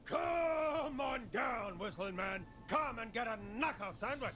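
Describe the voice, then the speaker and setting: An actor playing a man who puts on a gruff, blustering tough-old-cop voice in a video game. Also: extremely high pitch, animated, measured pace, sharp tone, shouting, a little hiss or hum, full character voice. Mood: defiant.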